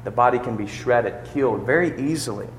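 A man's voice: medium pitch, brisk, a little hiss or hum. A man preaching a sermon, building to emphatic peaks and asking rhetorical questions, in a church or funeral hall. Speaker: pastor. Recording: long reverb of a large hall.

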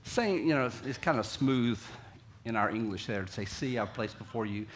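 A man preaching a sermon to his congregation in a conversational way, dropping low and quiet, then acting out quotes loudly. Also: animated, normal speed, slight background noise. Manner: conversational, acts out quotes with big swings from quiet to loud. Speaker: pastor. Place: church sanctuary.

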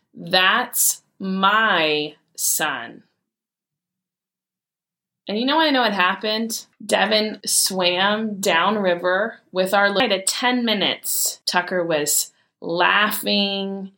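Woman, forties, bright voice, earnest, heartfelt personal storytelling. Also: fairly low pitch. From Michigan, USA. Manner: earnest, heartfelt, animated retelling with quoted dialogue. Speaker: mother sharing a personal story.

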